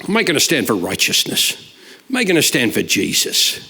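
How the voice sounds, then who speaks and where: A man's voice: mid-range voice, a little fast, creaky, husky. A man, preaching a humorous sermon full of stories and punchlines. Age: 60s. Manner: jokey, animated, shouts punchlines. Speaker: guest preacher.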